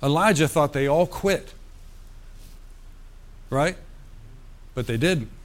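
Male pastor, fairly high voice, reads verses then chats about them; sermon delivery. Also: animated, slow pace. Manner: reads scripture aloud then comments conversationally.

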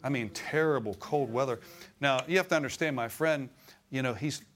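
Middle-aged male preacher, anecdotal sermon delivery, bursts of emphasis, mid-pitched voice. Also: normal speed, a bit bright, slight background noise. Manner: storytelling, rising to emphatic exclamations.

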